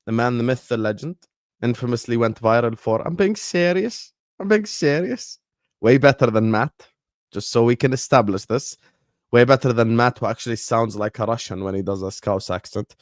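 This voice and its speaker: A man's voice: medium pitch, fairly even intonation, fairly quick, dry recording, clean studio sound. A man hosting a stream, hyping and teasing his guest in playful banter. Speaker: host. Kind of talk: casual chat on a stream.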